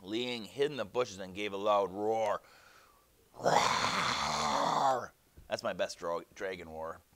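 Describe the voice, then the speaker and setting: A man's voice: lowish voice, normal speed. A male teacher reading a storybook aloud to his class and then guiding them through a worksheet, with chatty asides along the way. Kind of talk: classroom read-aloud and lesson.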